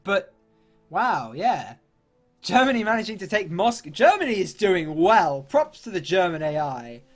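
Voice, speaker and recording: Chatty man, slightly high voice. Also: big pitch swings, a little slow, faint music behind. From London, England. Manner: chatty, upbeat, British slang and mild swearing. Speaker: gaming YouTuber. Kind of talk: let's-play commentary.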